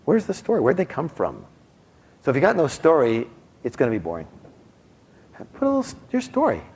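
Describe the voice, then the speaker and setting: Animated male seminar speaker. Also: fairly high pitch, fairly quick, vocal fry, breathy edge. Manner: animated, asks the audience constant questions. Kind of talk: live seminar teaching.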